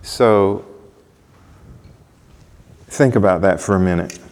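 A man's voice: deep voice, takes it slowly, a little mellow. Male preacher, conversational sermon, questions to the listeners, long hall reverb. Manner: conversational, asks the congregation questions.

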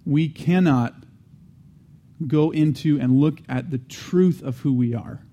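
A man's voice: fairly high pitch, slow pace, mellow, dull audio. A man giving an earnest teaching sermon, restating key phrases and adding conversational asides between restarts. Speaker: Christian teacher.

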